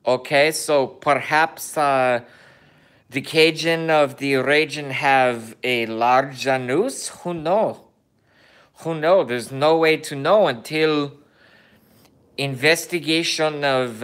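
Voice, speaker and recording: A man putting on a mock Kazakh accent, playing a crude, bragging foreigner in slow, halting broken English. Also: mid-range voice, a bit bright, clear, resonant tone. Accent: put-on mock Kazakh accent. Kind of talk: comedic impression in a vlog.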